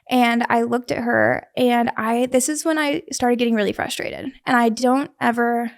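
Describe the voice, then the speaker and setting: A young woman tells her story in an easy, conversational way, earnest and vivid, often restarting her sentences. Her voice sits a little high and carries a gravelly fry. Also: fairly even intonation, moderate pace, hardly any pauses. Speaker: guest sharing a survival story.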